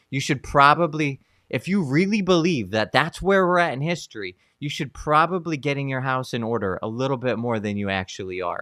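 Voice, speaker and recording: A man co-hosting a casual talk show, telling stories in an animated way with many fillers and restarts. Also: mid-range voice, no echo, studio quality. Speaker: co-host, Catholic psychologist. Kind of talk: casual conversational commentary.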